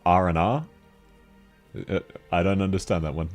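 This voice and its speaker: A man with a deep timbre chatting casually and jokily while streaming a game, laughing often. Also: sing-song, takes it slowly, pauses often, soft background music. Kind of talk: casual gaming stream chat.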